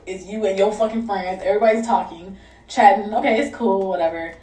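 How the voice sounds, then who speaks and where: A young woman telling a storytime on her vlog, animated and profane, laughing as she goes. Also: mid-range voice, fairly quick. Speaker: vlogger. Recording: echoey room, distant mic.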